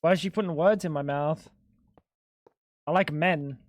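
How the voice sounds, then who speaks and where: A man's voice: fairly high pitch, normal speed, no room sound. An Australian man streaming a game, bantering casually with friends, swearing a lot and joking with mock indignation.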